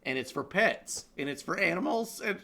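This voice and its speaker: Guy rambling thru silly news on a live stream, laughs a lot, bright voice that swoops up and down. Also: high voice, expressive, moderate pace, creaky, slight background noise. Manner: joking, rambling, laughs often. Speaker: co-host.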